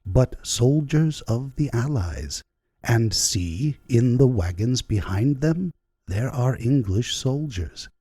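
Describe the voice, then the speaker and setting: Man playing soft-spoken spirit guide, low and calm, mellow. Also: takes it slowly, husky, dry recording. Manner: soft, calm, gently reproving. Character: gentle mysterious male spirit guide.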